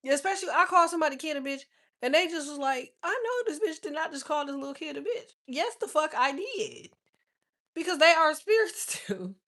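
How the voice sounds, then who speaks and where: Woman in her 30s, aave, loud cussing storyteller, kinda high voice, laughs a lot. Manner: loud, profane, animated storytelling with frequent laughs. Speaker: tarot reader. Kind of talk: casual livestream chat.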